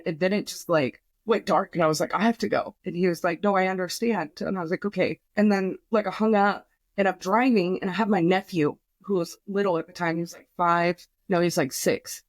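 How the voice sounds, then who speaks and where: A woman's voice: fairly low pitch, fairly even intonation, quick pace, no echo. A young woman on a podcast, telling an emotional personal story in a rambling way, full of fillers and swearing, quoting herself. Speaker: podcast guest.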